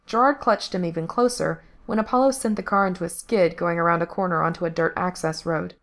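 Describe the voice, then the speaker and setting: A woman narrates a piece of fiction in an audiobook style. Her delivery is steady and even, and her voice sits slightly low. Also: brisk. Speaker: story reader.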